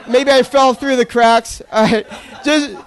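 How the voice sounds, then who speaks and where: A man's voice: extremely high pitch, steady tone, a little slow, some chatter behind. A young man doing a stand-up comedy set on a club stage, telling awkward self-deprecating stories with crude jokes.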